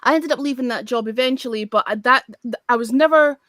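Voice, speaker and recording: A woman's voice: a little high, fast talker, sharp tone, no echo. A woman with a Scottish accent telling a blunt, candid story in casual chat, restarting her sentences as she goes. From Scotland. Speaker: guest.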